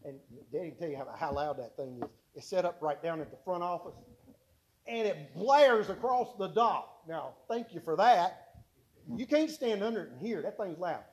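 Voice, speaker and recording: A man's voice: sits high, animated, moderate pace, slight background noise, poor audio. A man preaching a sermon, telling folksy stories and repeating his points for emphasis. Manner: folksy storytelling with emphatic repetition.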